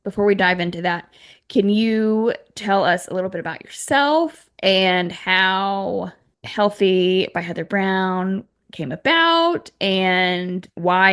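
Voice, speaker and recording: Slow gravelly-voiced woman host. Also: mid-range voice, a bit bright. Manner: hesitant, repeats words, many fillers. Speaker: podcast host. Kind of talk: casual interview chat.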